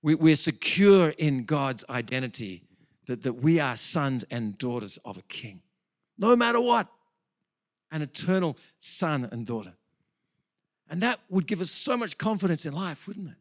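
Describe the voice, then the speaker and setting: Delivering a sermon, a pastor with a slightly high voice gets animated and climbs toward excited peaks, fixing his slips quickly as he goes.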